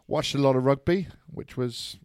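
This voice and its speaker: A man's voice: medium pitch, moderate pace, darkish tone, dry recording, studio quality. A man chatting casually about his weekend, rambling and laughing at his own jokes. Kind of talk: casual banter.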